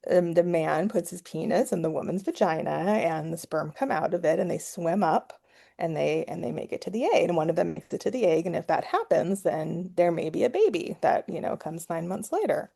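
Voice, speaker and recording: A woman's voice: lowish voice, lively intonation, a little fast, creaky, warm tone. A middle-aged woman, a psychology professor guest, telling chatty stories in a casual podcast conversation. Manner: storytelling, chatty with laughs and restarts.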